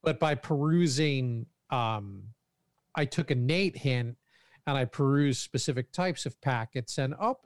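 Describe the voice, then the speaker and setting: A man's voice: mid-range voice, a little slow, no echo, clean studio sound. A man co-hosting a casual tech podcast, joking around and restarting his sentences. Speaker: podcast co-host.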